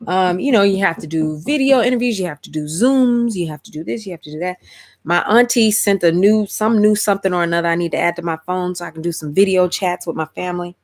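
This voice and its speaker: Woman chatting on a livestream, lowish voice, reads comments out loud. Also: quick pace. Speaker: livestream host. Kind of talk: casual chat on a live stream.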